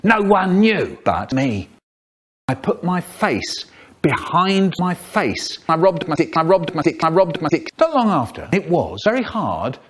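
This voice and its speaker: A man telling comic stories in an animated way, acting out voices and sound effects. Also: a little high, unhurried. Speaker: storyteller. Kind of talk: comic storytelling, spliced remix.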